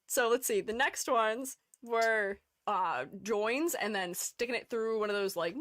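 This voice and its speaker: A woman streamer chatting casually with her live audience, giggling often and playfully animated. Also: a little high, measured pace. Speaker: streamer and art educator.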